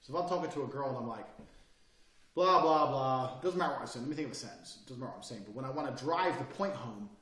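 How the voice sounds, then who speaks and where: A man's voice: mid-range voice, animated, rapid-fire, hardly any pauses. Profane, boastful man in a roomy echo. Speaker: course instructor. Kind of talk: recorded course lecture. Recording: roomy echo, mic set far off.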